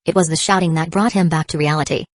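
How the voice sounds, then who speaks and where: This is scripted narration: a female audiobook narrator reads a dramatic novel aloud in a low voice. She moves quickly but keeps her delivery steady and even. The recording is dry and close-miked, with no room sound at all.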